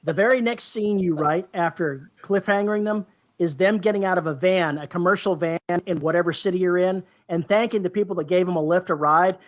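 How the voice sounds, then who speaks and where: A podcast co-host giving advice and trading dry, deadpan jokes in casual chat. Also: mid-range voice, fairly quick.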